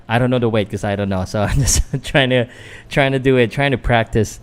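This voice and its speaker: A man's voice: mid-range voice, steady tone, brisk, hardly any pauses, smooth. A Filipino man, a boxing vlogger doing casual live fight commentary, chatting loosely to viewers with fillers and restarts. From Philippines.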